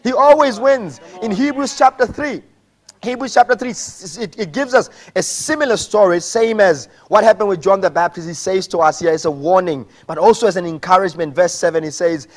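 Man, preacher, high-pitched, lively sermon, shouts, acts out quotes. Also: fairly quick. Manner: animated preaching, acting out quoted voices, shouting peaks. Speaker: pastor.

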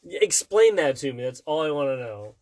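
A woman with a notably low voice chats casually with her child. She is playful, keeps asking questions, and laughs easily mid-sentence. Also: sing-song, a little fast, mellow. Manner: playful, asks lots of questions. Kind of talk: casual chat.

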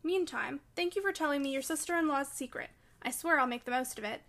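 Woman reading as a dark brooding young guy, bitter and defiant, high voice. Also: animated, a little fast. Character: brooding, vengeful young man.

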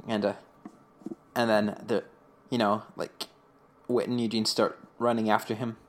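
A man co-hosting a podcast, recapping an episode in casual chat, rambling with lots of fillers and slipping into quick voices for quotes. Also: on the low side, little pitch movement, slight background noise. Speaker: podcast co-host.

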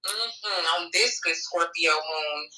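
A woman's voice: fairly low pitch, slow, a loud crowd, poor audio. A woman joining a podcast as a guest, talking casually and a little flustered.

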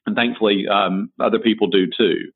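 Southern drawl guy, husky voice, kinda low, sounds like a phone line, chatty storyteller. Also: steady tone, normal speed. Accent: Southern American. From American South. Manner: folksy storyteller, frequent restarts. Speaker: interior designer and author. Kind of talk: interview answers.

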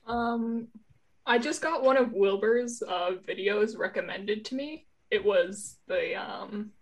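A young woman chatting casually as a fan, hesitant and quick to laugh. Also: medium pitch, vocal fry. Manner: laughing, hesitant, lots of fillers. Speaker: fan interviewee. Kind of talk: casual chat.

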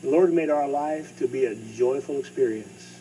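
A middle-aged man preaching a sermon as pastor, swinging between loud bursts and hushed asides. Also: mid-range voice, moderate pace. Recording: distant mic with faint hum.

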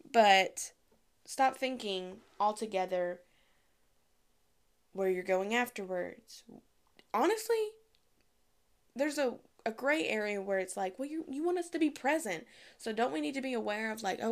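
A young woman giving casual, candid advice to the camera, chatty and frank, with lively asides. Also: medium pitch. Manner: chatty, candid, acts out quoted voices.

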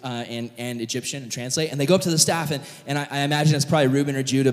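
A man preaching a humorous, casual sermon in a church hall, retelling a Bible story with animated jokes and lots of fillers. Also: fairly high pitch, fast, hardly any pauses.

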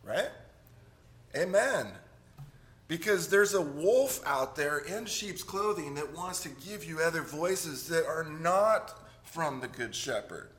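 A man's voice: on the high side, animated, slow, a bit bright. A middle-aged man, a pastor, preaching a casual sermon with jokes and frequent asides asking the congregation to agree. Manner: conversational, joking, asks "right?" often.

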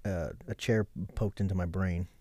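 A man's voice: low voice, moderate pace, no echo. A man in his thirties, a podcast guest, telling a rambling story in casual chat, swearing a lot and acting out what people said. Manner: animated, swearing, acts out quoted lines.

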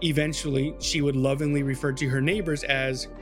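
A man's voice: on the high side, level tone, a little fast, music in the background. A man hosting a podcast, telling a true-crime story in a loose, chatty way with swearing and asides to his co-host.

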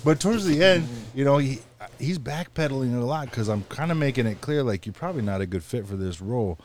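Easygoing male storyteller, mid-pitched, loose casual banter. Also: animated, fast, darkish tone, a little hiss or hum. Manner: storytelling, swears freely, laughs often. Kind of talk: casual chat among friends.

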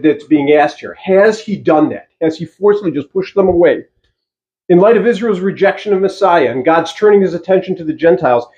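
A male pastor delivers a sermon with a fairly high voice, leaning hard on key phrases and drawing them out for emphasis. He poses rhetorical questions to his listeners. The recording sounds dull and lo-fi. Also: darkish tone. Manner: asks rhetorical questions to the congregation.

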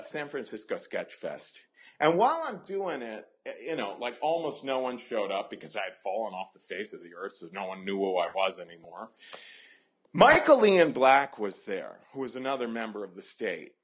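Animated husky-voiced middle-aged man. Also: lowish voice. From American Midwest. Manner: animated, acts out his own quotes. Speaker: interview guest, storyteller. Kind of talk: conversational storytelling.

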